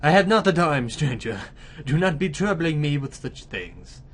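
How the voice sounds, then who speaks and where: A man's voice: a little high, very animated, moderate pace. A man putting on a worried Irish-accented wife. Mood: wary. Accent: put-on Irish. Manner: pleading, hushed, anxious. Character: worried middle-aged woman, fearful wife.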